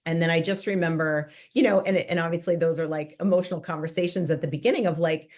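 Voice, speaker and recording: Woman podcast guest with a low voice, reflective and heartfelt in casual chat. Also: fairly even intonation, a little fast, hardly any pauses. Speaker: podcast guest, interior designer.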